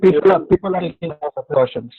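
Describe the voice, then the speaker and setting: A man speaking haltingly while his connection breaks up. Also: fairly high pitch. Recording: tinny breaking phone-like line with music.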